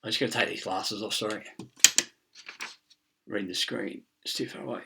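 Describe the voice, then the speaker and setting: A man's voice: lowish voice, steady tone, normal speed, vocal fry, far from the mic, very noisy. A middle-aged man, rambling through a profane monologue, laughing and chasing wordplay and word origins.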